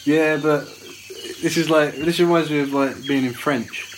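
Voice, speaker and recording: A man's voice: on the high side, a little slow, a little hiss or hum, low-quality recording. A man co-hosting a podcast in casual chat, teasing his co-host and laughing often. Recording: faint jungle ambience of crickets and insects.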